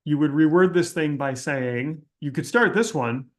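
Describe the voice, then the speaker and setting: A man with a slightly higher-than-usual voice hosts a casual question-and-answer session. He speaks bluntly and candidly, often restarting sentences as he thinks out loud. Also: unhurried. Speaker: host answering audience questions. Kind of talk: casual Q&A livestream talk.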